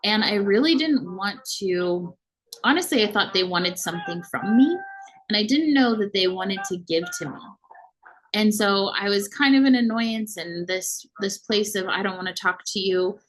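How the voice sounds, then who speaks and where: A woman's voice: medium pitch, animated, moderate pace, slight background noise, poor audio. A woman in her thirties sharing a heartfelt personal faith testimony, earnest and emotional. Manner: earnest and emotional, with soft laughs. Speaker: faith vlogger.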